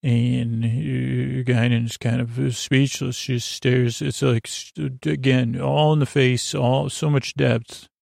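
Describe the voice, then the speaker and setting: A man's voice: mid-range voice, little pitch movement, slow pace, gravelly, few pauses, darkish tone, no room sound, clean studio sound. A man hosting a sleep podcast, retelling a story in a meandering, casual way full of fillers and asides. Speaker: podcast host.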